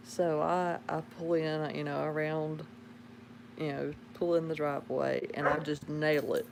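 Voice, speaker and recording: Southern woman chatting live from home, soft drawl, real unhurried, kinda low voice. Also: little pitch movement, creaky, background noise. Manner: soft-spoken, chuckling, drawling. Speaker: livestream host. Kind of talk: casual live chat. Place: home with pet dogs.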